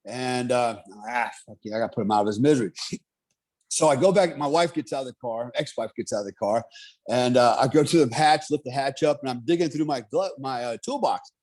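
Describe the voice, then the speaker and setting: A middle-aged man telling a story in casual, profane talk, animated and laughing often. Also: medium pitch, a little fast.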